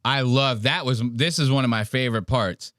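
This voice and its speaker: A man's voice: medium pitch, normal speed, over a noisy crowd, heavy background noise. A man hosting a podcast, mocking a video clip in casual profane chat. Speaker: podcast host.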